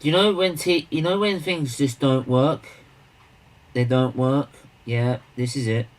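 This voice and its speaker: A man's voice: medium pitch, fairly even intonation, measured pace, rough recording. A man hosting a charity live stream, chatting casually with viewers, rambling and restarting his sentences as he greets people and banters.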